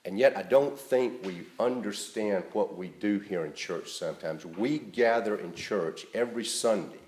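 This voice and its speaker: A male pastor giving an earnest, emphatic sermon that rises in stress and then drops to a soft, quiet close. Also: lowish voice, measured pace, echoey room. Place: church.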